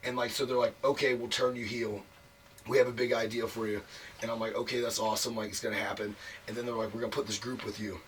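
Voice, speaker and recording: A man's voice: mid-range voice, flat delivery, fast, distant mic. A man telling a long career story as an interview guest, frank and profane, packing his talk with "like" fillers. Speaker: wrestler guest. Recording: voice a bit off mic, faint noise.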